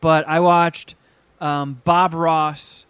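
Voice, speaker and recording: A man co-hosting a casual podcast chat, telling stories in a profane, animated way with acted-out quotes. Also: fairly high pitch, very slow, a little hiss or hum. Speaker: podcast co-host.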